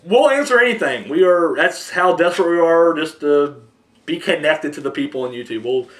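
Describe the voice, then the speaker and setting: A young man hosts a loose movie podcast, talking in a high voice that leaps around a lot. He rambles, swears freely, and acts out small scenes as he goes. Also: moderate pace. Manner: rambling, profane, animated storytelling. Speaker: podcast host. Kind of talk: casual chat.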